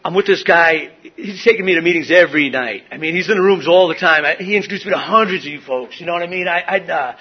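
A middle-aged man tells his recovery story at a meeting, circling back through fillers and false starts. His voice sits fairly high and sounds husky. The recording is dull and lo-fi. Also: quick pace, few pauses. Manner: rambling, many fillers and restarts. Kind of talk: personal recovery share. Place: meeting room.

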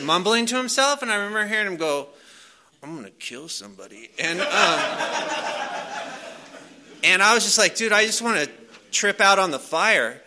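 A man's voice: high voice, bright, forceful tone. A man casually telling a personal story to a live audience. He rambles loosely, with many fillers and restarts. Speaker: speaker sharing a recovery story.

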